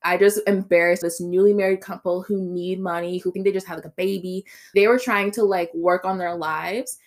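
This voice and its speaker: A woman's voice: on the low side, moderate pace. Young woman telling a story with swears. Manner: animated storytelling with swearing and laughter. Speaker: podcast co-host. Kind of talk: casual chat.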